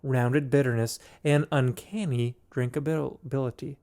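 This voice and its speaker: A man's voice: medium pitch, fairly even intonation, a little slow, a little mellow. A young man co-hosting a casual podcast, playful and jokey, tasting beers and reading labels aloud. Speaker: podcast co-host. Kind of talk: casual chat and beer tasting.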